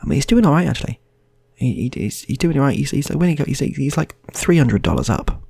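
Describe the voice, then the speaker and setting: A man's voice: medium pitch, big pitch swings, a little fast, creaky, darkish tone, breathy edge, no echo. A man improvising funny stories in a rambling, playful way, often restarting his sentences. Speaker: storyteller. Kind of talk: improvised comic storytelling.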